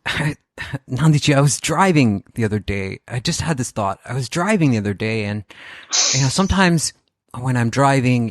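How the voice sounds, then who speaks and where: Male podcast host, relaxed and reflective, casual chatty delivery, dry close mic. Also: mid-range voice, dry recording. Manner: relaxed, thoughtful, with fillers and restarts. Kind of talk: casual conversational interview.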